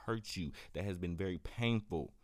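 A man's voice: deep voice, moderate pace, no echo, studio quality. Hurt, insistent young man. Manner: hurt, insistent, repeats himself. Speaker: adult son. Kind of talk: heated family argument.

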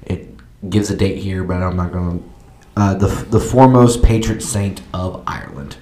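Low-voiced podcast host, roomy sound. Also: male voice. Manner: relaxed, halting, reads notes aloud. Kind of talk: casual chat. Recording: roomy echo.

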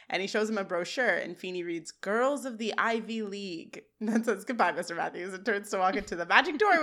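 A woman co-hosting a podcast, retelling sitcom scenes in casual chat and laughing often. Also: on the high side. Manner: giggly, retells scenes with quick quoted lines. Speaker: podcast co-host.

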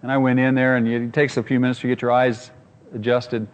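A man's voice: medium pitch, flat delivery, a little fast, in a large hall, highs cut off. A man preaching a sermon as pastor, earnest and emphatic, often repeating his phrases.

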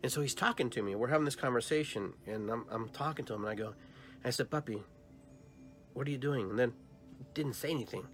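A man in his fifties hosting a podcast, rambling softly and heartfelt as he tells a personal story. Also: mid-range voice, fast talker, faint music behind. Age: 50s. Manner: rambling, heartfelt, soft-spoken retelling of a dream. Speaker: podcast host.

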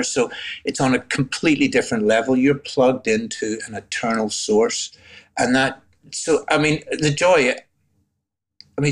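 A man in his sixties from Northern Ireland with a Northern Irish accent, a guest telling his faith story in an interview in a reflective, emotional way. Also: medium pitch. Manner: reflective, gets choked up, laughs softly. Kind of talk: interview testimony.

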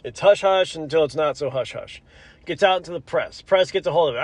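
A man's voice: a little high, a little fast, no room sound. A man hosting a podcast in casual solo commentary. He rambles, corrects himself mid-sentence, swears, and apologizes often. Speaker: podcast host.

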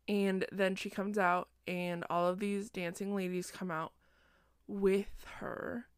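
A woman's voice: mid-range voice, flat delivery, slow pace, clean tone, no echo, clean studio sound. A sleepy young woman recapping a book in a chatty, self-deprecating, digressive way, recorded at home at night. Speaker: podcast host.

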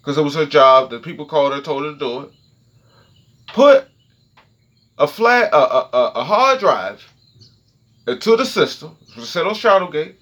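Speaking at normal speed with frequent pauses, this man has a fairly high pitch, and the highs sound cut off. It's a casual solo rant on his own podcast, recorded at home: animated, profane, full of "okay?" as he checks in with listeners.

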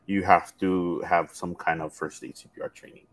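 A man talks casually in a fairly low voice. He asks probing questions, hesitating and filling pauses as he goes. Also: little pitch movement. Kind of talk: casual chat.

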